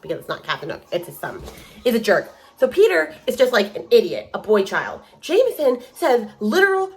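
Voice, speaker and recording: A young woman vlogging about her reading, exasperated and animated as she mocks lines from a book. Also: mid-range voice. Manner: exasperated, animated, mocking quotes. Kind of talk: casual reading vlog rant. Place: home hallway.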